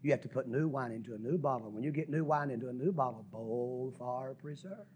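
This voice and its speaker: A man preaching a sermon, folksy and dramatic, swinging from shouts to whispers and stretching out key words. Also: medium pitch, a little hiss or hum. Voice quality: husky. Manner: preaching with sudden shouts and drops to a whisper, folksy, drawn-out stresses. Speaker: pastor.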